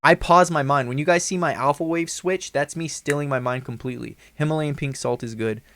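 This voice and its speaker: A man's voice: fairly high pitch, brisk, bright, forceful tone, no room sound. A man in his thirties hosting a livestream, talking casually in a slangy, profane, rambling way. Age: 30s. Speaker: livestream host.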